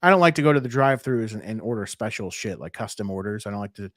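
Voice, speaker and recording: A man's voice: on the low side, animated, quick pace, fairly bright tone, dry recording, studio quality. A man in his thirties co-hosting a podcast, blunt and joking in casual profane chat. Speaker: podcast co-host.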